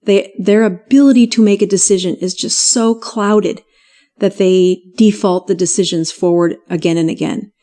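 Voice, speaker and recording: A middle-aged woman physician, appearing as an interview guest, tells her story in a mid-range voice at normal speed. She's animated, laughs often and acts out what people said.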